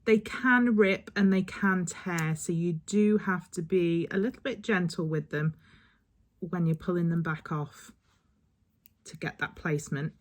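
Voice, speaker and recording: A woman's voice: on the low side, measured pace. A woman talking through a step-by-step nail tutorial in a chatty, instructive way that sometimes rambles. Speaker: beauty vlogger.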